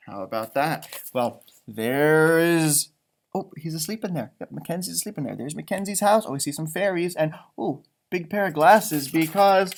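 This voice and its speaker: A man, a teacher, reading a picture book aloud to children, pausing to point at the pictures and ask questions. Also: fairly high pitch, animated. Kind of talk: storybook read-aloud for children.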